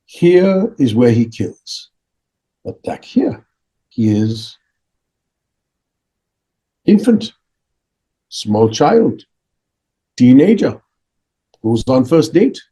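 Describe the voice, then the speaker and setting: A gentle elderly monk, as a man puts him on, speaks in slow, halting broken English with calm authority. The voice sits a little higher than the speaker's own and carries a soft, husky breath. Each phrase is weighed and unhurried. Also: full character voice. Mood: teaching. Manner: calm, measured teaching tone. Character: serene elderly male monk, gentle and wise.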